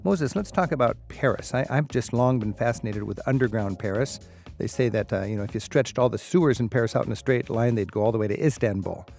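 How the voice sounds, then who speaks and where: A man's voice: medium pitch, fast, gravelly, a little mellow, soft background music. A man hosting a radio travel interview, reading a scripted intro and then asking curious, conversational questions. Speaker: radio travel show host.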